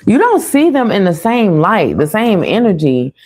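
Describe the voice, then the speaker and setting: A woman's voice: mid-range voice, big pitch swings, moderate pace, a little mellow. A woman giving a casual, chatty tarot reading to her viewers, laughing often and calling them y'all. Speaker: tarot reader.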